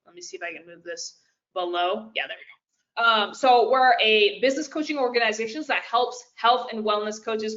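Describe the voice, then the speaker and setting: Speaking in a mid-range, slightly bright voice, a woman gives a live business coaching webinar through lo-fi audio. She keeps it chatty and direct, peppering her talk with fillers and calling the audience "you guys."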